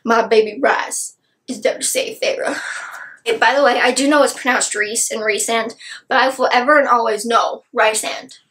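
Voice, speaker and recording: A young woman excitedly reviewing a book, gushing with exaggerated outrage. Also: fairly high pitch, moderate pace, rough recording.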